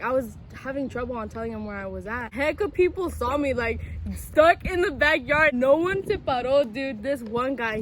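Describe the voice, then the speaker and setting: A woman's voice: fairly high pitch, noisy background. A young woman casually telling a personal story as co-host, chatty and full of fillers.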